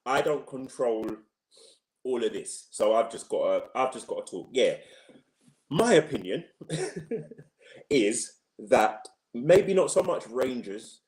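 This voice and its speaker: A man co-hosting a football talk livestream, chatty and quick to laugh. His pitch moves lively as he chimes in and agrees with his co-host. His voice carries a roomy echo. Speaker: co-host of a football discussion show. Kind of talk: casual sports chat on a livestream.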